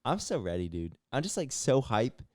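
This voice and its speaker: A man's voice: medium pitch, sing-song, moderate pace, a little mellow, no echo, clean studio sound. A young man co-hosting a podcast in a casual, laid-back way, often calling his friend bro. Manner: laid-back, says "bro" a lot, hyped. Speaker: podcast co-host. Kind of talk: casual chat.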